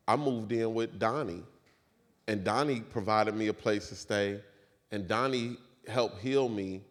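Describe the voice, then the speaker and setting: A man on a panel telling stories animatedly, his voice jumping high and loud, recorded in a large hall before an audience. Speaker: panel guest, filmmaker. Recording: reverberant hall with audience noise.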